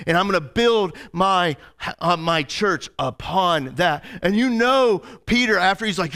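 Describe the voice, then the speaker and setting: Animated, bright-voiced male pastor preaching. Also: high voice, measured pace, few pauses. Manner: animated, casual storytelling with many fillers. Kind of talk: sermon.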